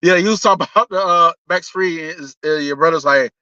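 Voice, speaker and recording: A man's voice: on the high side, fairly quick, sharp tone, no echo. Man, live-stream rant, dull lo-fi audio, dry close sound. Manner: blunt and profane, with frequent restarts.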